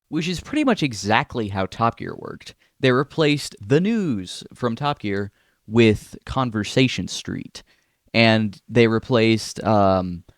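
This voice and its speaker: A man hosting a solo podcast, talking in a casual, rambling way with halting restarts. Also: fairly low pitch, dry recording, clean studio sound. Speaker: podcast host.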